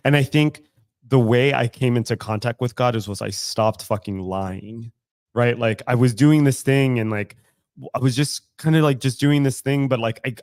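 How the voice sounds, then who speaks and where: Heard with no echo, a slightly mellow, mid-range male voice belongs to a San Francisco Bay Area podcast co-host. Sitting in a studio, he speaks frankly about his faith, often laughing and swearing without restraint.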